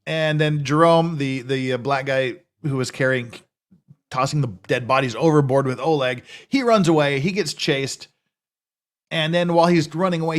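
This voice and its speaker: A man giving a casual, unscripted recap of a TV episode, rambling and correcting himself as he goes. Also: on the high side. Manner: rambling, frequent restarts and self-corrections; casual, conversational. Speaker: TV series reviewer.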